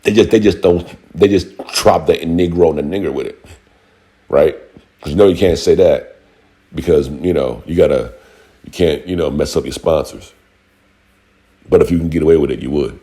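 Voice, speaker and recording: A man's voice: rumbling low, moderate pace, pauses often, dark tone. A man ranting angrily and profanely to his audience, mocking the people he argues with. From Buffalo, New York. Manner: heated and profane, mocking quoted voices. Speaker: vlogger. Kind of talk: angry rant to camera.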